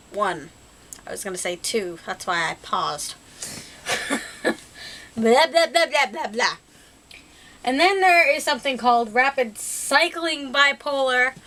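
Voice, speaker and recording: A woman's voice: on the high side, sharp tone. A young woman vlogger talking casually, rambling with lots of fillers and little laughs at herself. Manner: rambling and self-deprecating, filler-heavy, giggly. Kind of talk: casual personal vlog talk.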